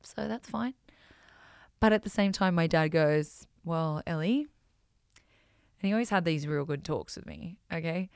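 Animated, foul-mouthed woman podcaster. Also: on the low side, normal speed, gravelly, smooth, no echo, studio quality. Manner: animated, swears freely, self-mocking. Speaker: podcast host. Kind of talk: casual storytelling.

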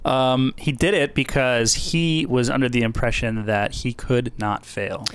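A man's voice: medium pitch, fairly even intonation, measured pace, clean tone. A man with a Michigan accent with Canadian touches, co-hosting a podcast with joking asides. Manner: joking interjections. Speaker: podcast co-host. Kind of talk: casual chat.

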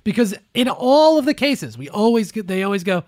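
A man co-hosting a podcast, talking politics in casual, animated bursts and often slipping into quoted asides. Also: sits high, a little fast, no room sound, clean studio sound. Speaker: podcast co-host.

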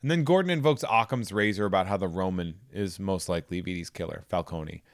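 A man's voice: low-pitched, fairly quick, no echo, clean studio sound. A man co-hosting a podcast, retelling a story in a loose, joking way and swearing freely. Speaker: podcast co-host. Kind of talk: casual comic plot recap.

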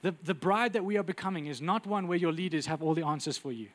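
A man preaching a sermon with intense, urgent delivery that drops to quiet, intimate asides. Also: fairly high pitch, quick pace.

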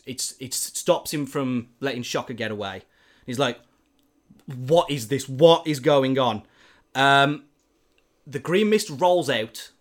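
A man's voice: medium pitch, fairly bright tone. A man animatedly telling a story in casual chat, with lots of filler words.

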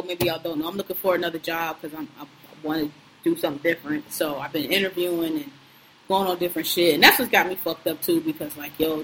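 A woman's voice: fairly low pitch, a bit bright, rough recording. Podcast co-host, woman in her thirties, AAVE, blunt and profane, venting in casual chat, faint hiss behind.

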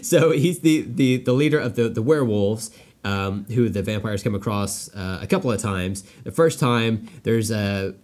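A man's voice: lowish voice, normal speed, darkish tone. A man chatting casually about a movie, rambling with lots of fillers and restarts and laughing often.

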